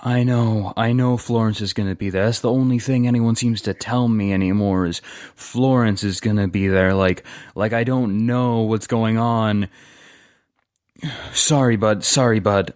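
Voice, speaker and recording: A man's voice: lowish voice, fairly even intonation, a little slow, a little mellow, dry recording, studio quality, natural voice. A man voicing a weary, ambitious male ex-saboteur who talks earnestly and gets emotional.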